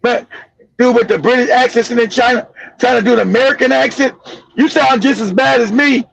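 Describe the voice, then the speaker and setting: A man's voice: very high-pitched, brisk, vocal fry, a bit bright, no echo. A man hosting a show, giving heated, mocking commentary full of repeated insults, on a dull lo-fi recording. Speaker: show host. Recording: dull lo-fi dry audio.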